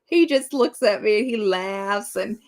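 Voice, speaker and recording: A woman's voice: mid-range voice, unhurried. A middle-aged woman hosting a casual live-stream chat, rambling and chatty with many fillers as she talks to viewers.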